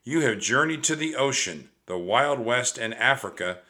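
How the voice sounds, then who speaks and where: A man voicing a calm, wise old enchantress in a storybook reading, speaking softly, soothingly and with stately calm. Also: mid-range voice, moderate pace. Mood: solemn.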